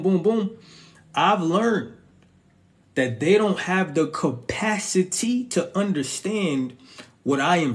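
A young man giving casual relationship advice straight to his viewers, emphatic and full of slang asides. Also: high voice.

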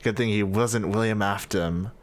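A man's voice: lowish voice, moderate pace. A man casually reading out and reacting to fan comments, joking and easily amused. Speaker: gaming video creator.

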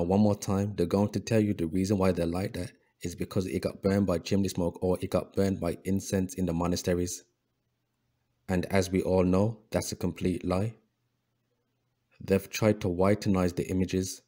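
A low-voiced man narrates over images like a preacher, leaning on the word brothers and circling back on his own phrases. His tone is deep and mellow, with plenty of ums and restarts. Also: flat delivery, moderate pace. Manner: preachy, addresses listeners as brothers; repeats words, frequent fillers and restarts. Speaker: history video host.

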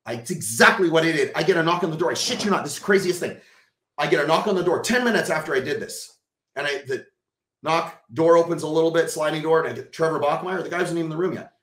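A man from Texas, a podcast guest, telling a personal story in an animated way, casually swearing and acting out what people said. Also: a little high, quick pace, echoey room.

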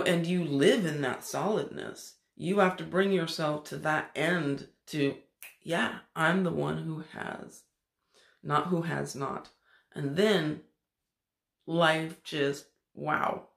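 A man's voice: fairly high pitch, fairly even intonation, measured pace, gravelly, a bit bright, echoey room. A man hosting a spiritual channel, giving an enthusiastic, preachy teaching talk and acting out inner voices.

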